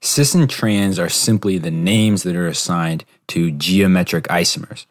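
Young male tutor-host, very low voice, easygoing explainer with fillers. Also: measured pace. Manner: relaxed, explanatory, with fillers and self-corrections. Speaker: podcast host teaching exam prep. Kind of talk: casual spoken review lesson.

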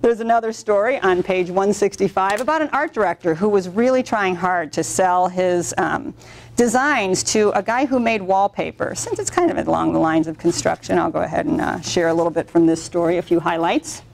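Animated middle-aged woman teaching a workshop. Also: fairly low pitch, fairly quick, creaky, a little hiss or hum. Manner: animated storytelling with acted-out quotes. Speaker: workshop instructor. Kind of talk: presenting a training workshop.

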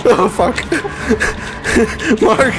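Excitable man yelling over gameplay. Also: very high-pitched, extremely slow, noisy background. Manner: excitable, swears a lot, yells when chased. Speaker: gaming channel host. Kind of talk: casual gameplay commentary.

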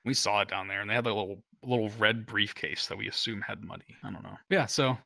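Male veteran from the United States, casual storyteller, filler-heavy and chuckling, with a sharp, bright tone. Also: on the low side, fairly even intonation, quick pace, creaky, dry recording. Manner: rambling, heavy use of "like" and "um" fillers; laughs while telling stories. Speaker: Coast Guard veteran guest.

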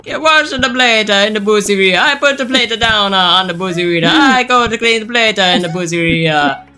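A man hosting a game stream and putting on a deliberately terrible exaggerated Italian accent as a goofy pizzeria owner who keeps repeating orders about plates and pizza. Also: high-pitched, soft background music. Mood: bossy. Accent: exaggerated fake Italian. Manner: repetitive, shouting task calls over and over. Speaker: streamer, game channel host. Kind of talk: comedic voice play while gaming.

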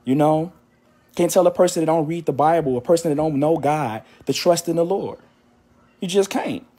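A man's voice: on the high side, normal speed, dark tone. A man giving an earnest, repetitive faith exhortation to his channel, a little out of breath from walking.

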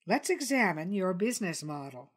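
A woman voicing Dilly, a calm, persistent jungle news creature who presses her points. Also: medium pitch, moderate pace.

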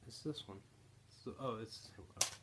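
A man's voice: mid-range voice, normal speed, very noisy. Teasing young man vlogger. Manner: teasing, goading. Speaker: vlogger, fiancé. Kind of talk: casual chat, jelly bean challenge.

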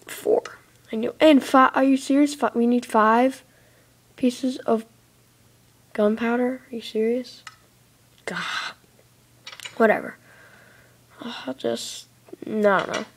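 A woman chatting her way through a building game, rambling and casual, breaking into excited squeals and giggles, recorded in a dark room on a tablet mic. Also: a little high, slow pace, long pauses. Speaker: let's play host. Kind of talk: casual gameplay commentary. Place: dark room, sitting in a big armchair. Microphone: tablet microphone.

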